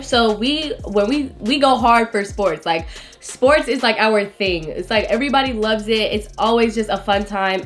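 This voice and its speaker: A young woman in her late teens hosting a casual vlog, chatting while eating, full of "like" and slang. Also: fairly high pitch. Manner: chatty, heavy use of "like", slangy. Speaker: vlogger host.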